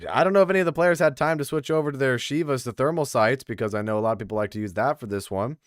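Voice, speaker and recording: A man's voice: medium pitch, racing, dry recording, clean studio sound. A young man casually commentating a game tournament on a stream, chatting with viewers. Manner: chatty, lively, talks to the chat. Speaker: tournament caster.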